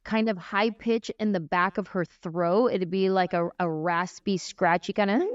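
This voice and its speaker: A comedian in her 40s tells stories casually as a podcast guest, animatedly acting out voices and gestures. Her voice is on the low side at a moderate pace, and the dry recording sounds slightly muffled and lo-fi, with no room sound.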